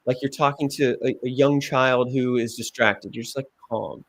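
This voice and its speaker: A man giving direct, animated feedback as a pitch coach, acting out examples as he goes. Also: normal speed, hardly any pauses.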